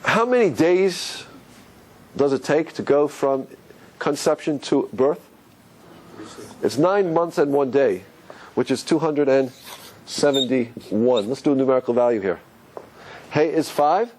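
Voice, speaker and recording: This rabbi's religious class lecture is a little slow, with long pauses, in a rough recording with slight background noise. Still lively and animated, he asks the audience questions and his pitch swings up and down.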